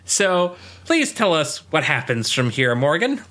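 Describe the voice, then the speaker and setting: Rambling man with a bright voice. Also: a little high, very animated, unhurried. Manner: rambling with many fillers and frequent laughs. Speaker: podcast co-host. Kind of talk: casual chat recapping a show.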